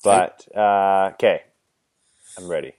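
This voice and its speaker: A man's voice: deep voice, slow pace, darkish tone. A man co-hosting a sports podcast, giving opinionated picks and ranting in a casual chat.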